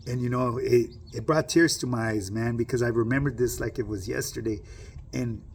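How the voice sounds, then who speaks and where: Gravelly middle-aged man. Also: mid-range voice, fairly even intonation, normal speed, a little hiss or hum. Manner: streetwise slang, keeps asking "you know what I mean". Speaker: vlogger telling a personal story. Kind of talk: casual storytelling to camera.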